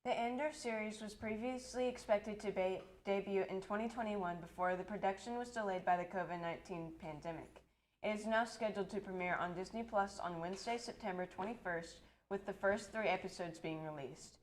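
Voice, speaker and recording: A teenage girl reading a scripted newscast as a student anchor in a school broadcast studio, steady with small slips. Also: mid-range voice, brisk, low-quality recording. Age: teens.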